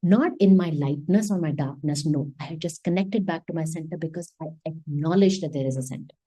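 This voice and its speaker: A woman's voice: deep voice, brisk, mellow, breathy edge, low-quality recording. Impassioned woman giving a Quran reflection. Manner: impassioned, switches between English and Hindi. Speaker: Islamic teacher.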